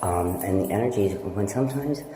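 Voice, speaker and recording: A woman's voice: extremely low pitch, lively intonation, fairly quick, over music. Blunt, profane middle-aged woman storyteller. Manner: profane, blunt, swings between loud and hushed. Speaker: vlogger. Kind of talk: rambling personal storytelling.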